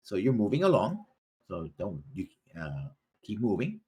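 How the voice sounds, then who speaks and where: A man running a tabletop game as game master, narrating haltingly with many fillers. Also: lowish voice, wildly swooping pitch, mellow, husky. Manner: halting, many ums and uhs while narrating.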